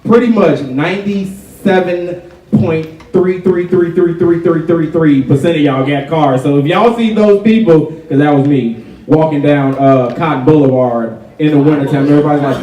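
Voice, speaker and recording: A young man from Chicago doing stand-up at a college show, his slightly high voice sounding a little distant from the mic. The room is roomy and echoing. He talks in a loose, chatty way, leaning on "like" and "right?". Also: animated, moderate pace, warm tone. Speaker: stand-up comedian. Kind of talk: stand-up comedy set. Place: college auditorium with a live audience.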